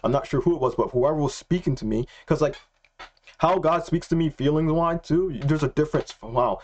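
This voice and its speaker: A young man telling a personal faith story in a casual, excitable way, slangy and repeating himself. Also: on the high side, a little fast, a little hiss or hum. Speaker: Christian vlogger.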